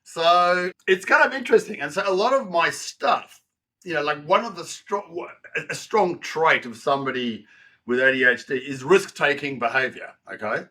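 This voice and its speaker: A man's voice: a little high, normal speed. A man in his sixties, a podcast guest telling his story frankly and with animation, swearing freely and poking fun at himself. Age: 60s. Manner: frank, animated, swears freely, frequent self-deprecating asides. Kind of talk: candid conversational storytelling.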